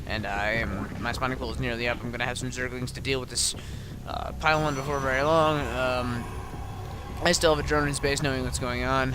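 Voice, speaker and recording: A tired man who has been up all night, casually talking through his own game replay with lots of ums and restarts. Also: mid-range voice. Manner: halting, many ums and restarts.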